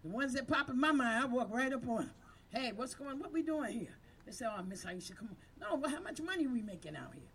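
Very animated and brisk, a woman with a voice that sits high preaches passionately to her team, calling and getting responses back. She leads violence prevention in her community and holds a handheld microphone, with a little hiss or hum in the audio.

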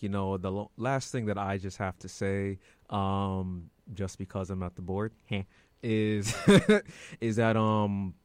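A man's voice: fairly low pitch, darkish tone, no echo. A man hosting a radio show from the studio board, playful and joking with his guests. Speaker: radio host.

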